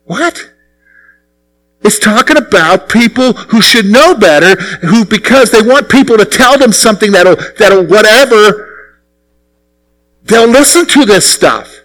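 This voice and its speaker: A middle-aged man preaching a sermon as pastor, asking the congregation questions and answering them himself, with sudden drops to quiet asides. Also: animated, unhurried, rough recording. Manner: swings between raised, punchy lines and low, quiet asides.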